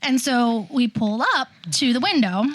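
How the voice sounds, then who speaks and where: A woman's voice: on the high side, measured pace. A woman co-hosting a podcast, telling a funny story in casual chat and laughing as she quotes people. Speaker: podcast co-host.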